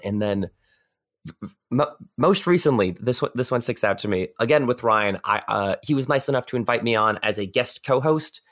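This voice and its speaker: A man's voice: medium pitch, animated, moderate pace, fairly bright tone. A man as a guest on a podcast, chatting casually and rambling with many restarts and repeated words. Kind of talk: casual interview chat.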